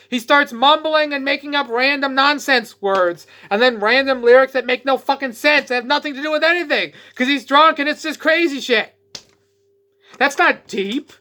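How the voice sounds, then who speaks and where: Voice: high voice, sharp tone. A vlogger ranting in a profane, sarcastic way, mocking other people in exaggerated voices. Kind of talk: ranting vlog.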